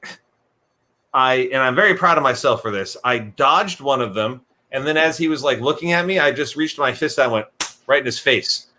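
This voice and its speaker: Young man, bright voice, casual storytelling, acts out voices, animated. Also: mid-range voice, brisk. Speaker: podcast guest telling stories.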